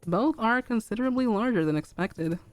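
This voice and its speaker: A young woman streamer narrating a fanfic aloud in a calm, even reading. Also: fairly high pitch, a little fast, faint music behind.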